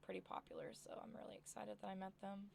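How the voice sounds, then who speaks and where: A tired young woman from Oklahoma with an Oklahoma accent, chatting excitedly and rambling as she streams a life-simulation game. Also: mid-range voice, quick pace, vocal fry, a little hiss or hum. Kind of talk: casual chat while playing a game.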